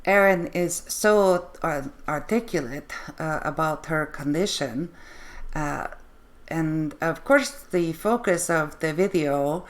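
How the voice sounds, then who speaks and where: A woman hosting an interview on a video call, speaking haltingly with many fillers and restarts. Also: sits low. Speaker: host.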